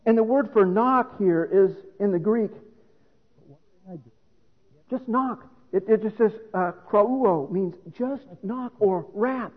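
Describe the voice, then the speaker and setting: A man's voice: sits high, lively intonation, a little slow, husky. A middle-aged man preaching a sermon, explaining scripture in an earnest, teaching manner. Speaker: pastor. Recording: reverberant hall on a phone-like line.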